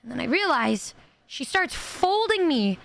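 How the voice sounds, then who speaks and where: A woman streamer telling a story in casual chat, stammering and repeating words, quoting others in animated voices. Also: sits high, measured pace, gravelly.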